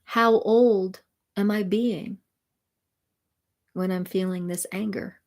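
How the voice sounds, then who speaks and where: A woman spiritual mentor and sound healer, talking gently and soothingly to viewers of a live stream. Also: mid-range voice, fairly even intonation, slow.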